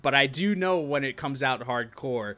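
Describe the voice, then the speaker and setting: Young new york dude on a live stream, bright forceful voice, chatty and laughing a lot. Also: male voice, medium pitch, expressive, normal speed. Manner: chatty, laughs often, reacts to chat. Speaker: live-stream show host. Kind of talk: casual live-stream chat.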